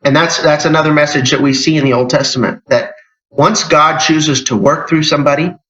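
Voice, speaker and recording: Bright-voiced man preaching in an echoey hall. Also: on the high side, brisk. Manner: conversational, with frequent restarts and emphatic rises. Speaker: church elder teaching a Bible lesson. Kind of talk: informal sermon. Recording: echoey church hall, dull lo-fi sound.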